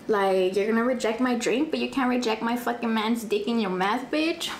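A young woman, telling a dramatic storytime in casual chat, profane and animated, dropping in Spanish phrases. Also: fairly high pitch, normal speed, hardly any pauses, slight background noise. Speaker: vlogger. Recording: echoey room, faint ambience.

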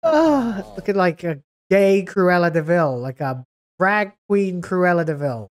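A woman's voice: on the low side, expressive, unhurried. A woman hosting a video reaction, talking in a sarcastic, scathing way with exasperated groans. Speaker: YouTube reaction host.

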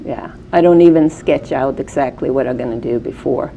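A woman with a Swedish accent speaks in a low, gravelly voice, warm and mellow in tone. She tells her story as a guest in a casual interview, relaxed and reflective, with faint hiss behind her. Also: moderate pace, lo-fi sound. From Sweden. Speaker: guest artist.

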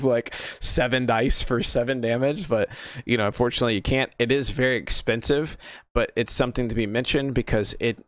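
A man hosting a casual podcast, chatty and enthusiastic and quick to laugh. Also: medium pitch, a bit bright, dry recording, clean studio sound. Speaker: podcast host. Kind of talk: casual chat.

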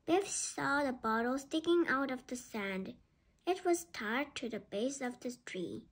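A woman reading a children's book aloud, slowly and carefully. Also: high-pitched, expressive. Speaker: storybook reader.

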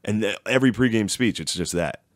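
Young guy on a podcast, real low voice, swears a ton, dry mic. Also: fairly quick, no echo. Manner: profane, animated retelling with impressions of people. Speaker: podcast co-host. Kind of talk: casual chat.

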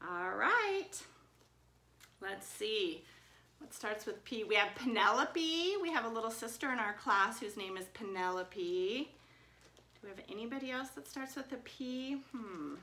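A woman teaching an online class for young children at home, speaking in a gentle, sing-song teacher voice into a webcam. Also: fairly high pitch, lively intonation, measured pace, slight background noise. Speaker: preschool teacher.

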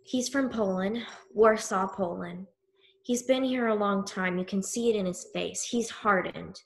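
Woman storyteller, measured first-person telling, very unhurried, solemn emphasis. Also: mid-range voice. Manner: slow, grave, emphatic with pauses. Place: synagogue event.

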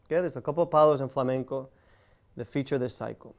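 A man's voice: medium pitch, fast talker, a little mellow. A man giving a guitar lesson, explaining step by step and counting beats aloud over his own guitar playing. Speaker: guitar teacher.

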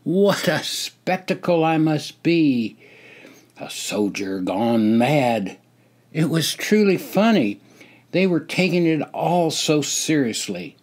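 Slow, measured older man narrating a memoir. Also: fairly high pitch, animated. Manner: measured, wry. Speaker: storyteller.

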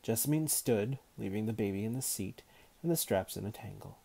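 A man reading a novel aloud as narrator in a measured, unhurried manner. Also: fairly low pitch, creaky, dark tone, slightly rough. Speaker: audiobook narrator.

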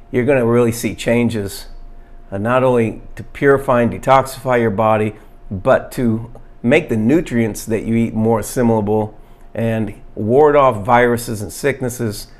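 A man of middling pitch talks straight to camera in an earnest, plain-spoken way. He shows how to prepare a fermented food and stops often on "uh" and "um". When he reads a study aloud, his delivery turns halting. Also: a little mellow. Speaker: health vlogger. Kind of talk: casual demonstration to camera.

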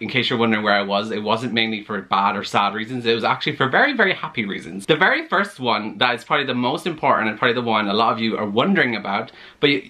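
A young Irish man talks straight to his camera in an easy, chatty vlog manner, animated and quick to laugh. His voice has a bright, forward tone at a middle pitch. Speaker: vlogger. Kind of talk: casual chat to camera.

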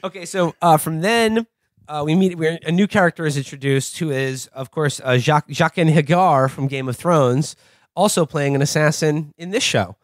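A man's voice: a little high, normal speed, no echo. Guy on a podcast rambling thru a tv recap, lots of likes, dry close mic. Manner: rambling, lots of "like" and "you know", laughs often. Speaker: podcast host. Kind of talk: casual recap of a TV show.

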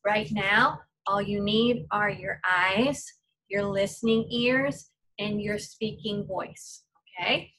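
A woman teacher giving a phonics lesson to young children, slowly modeling each sound for the class to repeat. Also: medium pitch, fairly bright tone, recorded from a distance, low-quality recording. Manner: slow, clear modeling of sounds for pupils to repeat.

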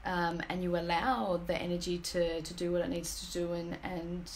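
A woman's voice: on the low side, level tone, a little hiss or hum. Earnest woman gushing in a home vlog. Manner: earnest, gushing, halting with many fillers. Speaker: energy healing business team member. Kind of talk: emotional personal testimonial vlog. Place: home, indoors.

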